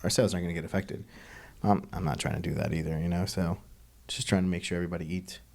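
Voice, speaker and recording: A man's voice: low-pitched, fairly even intonation, rapid-fire, creaky, darkish tone. A man hosting a podcast, chatting casually and telling stories with plenty of swearing. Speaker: podcast host.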